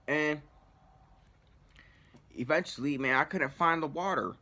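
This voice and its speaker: A man's voice: a little high, a little slow, sharp tone. A man telling a story casually, in rambling, profanity-heavy slang. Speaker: vlogger.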